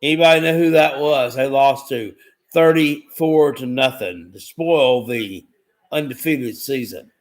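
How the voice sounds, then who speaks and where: A man hosting a live stream, asking trivia questions in a casual, excitable way, swearing now and then and often repeating himself. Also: medium pitch, a little slow. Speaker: livestream host.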